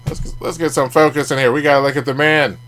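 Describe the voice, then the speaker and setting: A card collecting channel host runs a casual card review vlog, talking fast in a high-ish, a bit bright voice with fairly even intonation. He's chatty, tossing in jokey asides and laughing at his own remarks.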